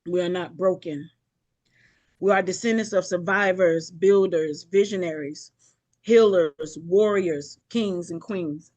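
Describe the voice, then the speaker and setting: A woman's voice: on the low side, fairly even intonation, slow pace, a little mellow. A woman giving an emotional keynote speech on a video call, building rhythmic lists and often apologizing. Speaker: keynote speaker. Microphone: video call mic.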